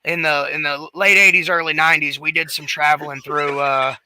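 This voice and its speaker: Bright-voiced man telling a rambling story. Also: a little high, a little fast, slight background noise, low-quality recording. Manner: animated, rambling with restarts and fillers. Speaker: podcast co-host. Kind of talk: casual storytelling chat.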